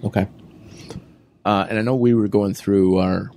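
A man's voice: fairly low pitch, steady tone, a little slow, a little mellow, slight background noise. A man hosting a podcast who asks short follow-up questions. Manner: brief questions. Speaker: podcast host. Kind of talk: podcast discussion.

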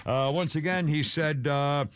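A man's voice: fairly high pitch, a little slow, a little hiss or hum. A middle-aged man hosting a radio show, rambling and mocking with many fillers and restarts.

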